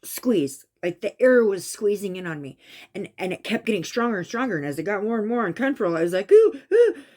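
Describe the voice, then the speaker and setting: A woman vlogger telling her own psychic experience in a casual, animated way, raising her voice at the tense parts. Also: mid-range voice, quick pace. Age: adult with a son. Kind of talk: casual storytelling monologue.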